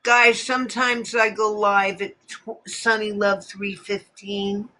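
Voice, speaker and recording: A woman chatting on a casual livestream, talking at an unhurried, slow pace. Her voice has a bright, forward edge, and she is jokey and chatty with viewers, now and then slipping into snatches of song. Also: medium pitch, flat delivery. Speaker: livestream host. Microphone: phone or streaming setup.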